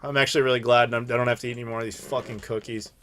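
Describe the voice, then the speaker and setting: A man's voice: mid-range voice, racing, a little hiss or hum. A man in his thirties hosting a live Q&A stream, telling rambling stories in casual chat. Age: 30s. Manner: rambling, animated storytelling with laughs. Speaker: streamer host.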